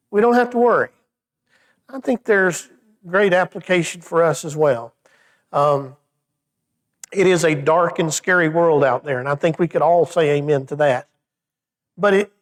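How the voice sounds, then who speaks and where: A man leading a Wednesday evening Bible study in a church, talking in a conversational way with frequent stammered restarts and a voice that drops low when he turns reflective.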